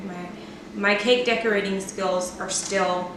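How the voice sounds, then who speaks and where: A woman's voice: mid-range voice, steady tone, slow pace, background noise. A woman hosting a home cooking video, chatting playfully and poking fun at herself as she decorates a cake. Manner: chatty and playful, self-deprecating. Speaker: cooking vlogger. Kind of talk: casual cooking demo chat. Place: home kitchen. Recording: echoey kitchen, mic at a distance.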